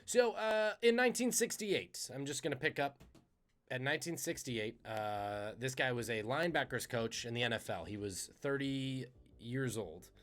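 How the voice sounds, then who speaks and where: A man hosting a podcast, telling trivia stories in a casual, animated, conversational way. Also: mid-range voice, moderate pace. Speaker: podcast host.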